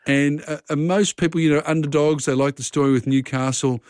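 A man's voice: fairly high pitch, fairly even intonation, a little fast, a little mellow, no echo, clean studio sound. A man hosting a radio phone-in quiz, chatting casually and talking contestants through the questions.

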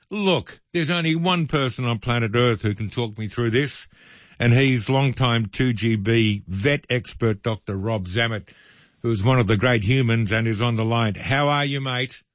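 A man's voice: mid-range voice, no room sound, highs cut off. A male radio host, chatting casually with jokey asides.

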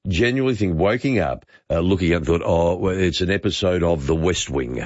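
Deep-voiced radio host. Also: male voice, expressive, fairly quick, a little mellow, no room sound, highs cut off. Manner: easygoing, chatty, responds briefly between callers. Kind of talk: call-in radio chat.

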